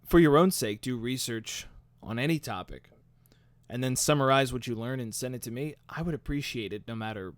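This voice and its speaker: A male live-stream host with a mid-range voice talks a little fast, with no echo. Using a studio microphone, he answers viewer comments in a chatty, upbeat, self-deprecating way.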